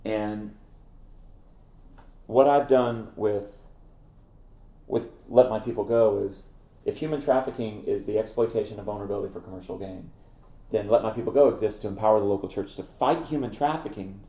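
A middle-aged man, a ministry founder and former campus minister, telling stories in an interview in an animated way, laughing at himself. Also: lowish voice, moderate pace, reverberant. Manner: animated, acts out quoted voices, laughs at himself. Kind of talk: conversational interview storytelling.

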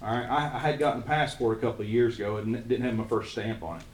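A man with an Eastern Kentucky accent, a church missions pastor telling his calling story to a small group in earnest, halting speech. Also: medium pitch. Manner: earnest storytelling with frequent restarts. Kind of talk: casual testimony to a small group. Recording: roomy echo, faint room noise.

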